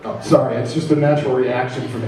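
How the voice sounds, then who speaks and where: A man performs stand-up in a comedy club, talking into a handheld mic with a mellow, low-key tone. He is chatty and self-deprecating and teases the crowd as he goes. The sound is very echoey and comes from some distance away. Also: steady tone, quick pace. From New Jersey.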